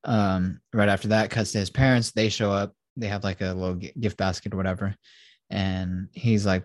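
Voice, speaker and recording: Host needed: low-voiced man, loose podcast chat, acts out characters and swears a lot, dry close sound. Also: moderate pace, no room sound. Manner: animated retelling, acting out characters, heavy swearing.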